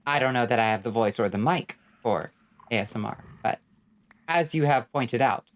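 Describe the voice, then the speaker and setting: With an extremely low pitch and a normal speed, this young adult woman streams a game and chats casually. She reads the chat out loud and riffs on it in a blunt, wry way, dropping frequent swears.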